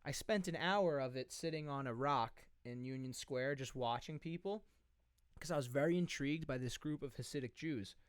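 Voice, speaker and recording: A man's voice: mid-range voice, moderate pace, clear, resonant tone, no room sound, clean studio sound. A young man in his twenties, a podcast co-host, telling a rambling story with lots of swearing. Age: 20s. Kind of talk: casual chat.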